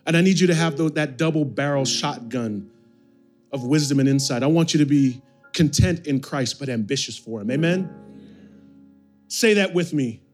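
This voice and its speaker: A pastor delivers a sermon in a fairly high voice, building phrase on phrase and pulling the congregation into call-and-response. A soft guitar plays quietly behind him. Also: male voice, moderate pace. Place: church sanctuary.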